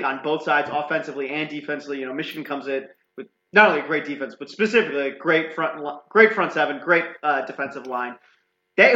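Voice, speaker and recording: A man's voice: on the high side, pushed and bright. A man co-hosting a casual sports podcast, talking things through with some hesitation. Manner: hesitant, with fillers and restarts when analyzing. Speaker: podcast co-host. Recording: echoey room, dull lo-fi sound.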